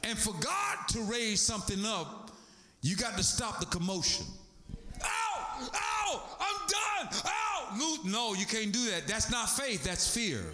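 A man's voice: sits high, animated, normal speed, bright, forceful tone, roomy sound. A man preaching a sermon, calling to the congregation for responses and breaking into song.

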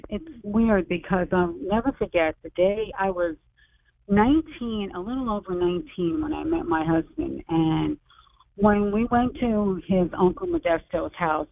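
A woman's voice: fairly low pitch, creaky. A woman in her sixties, an author guest on a radio show, telling her story animatedly and acting out the voices of people she quotes. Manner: animated, acts out quoted dialogue. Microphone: phone. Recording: tinny phone line.

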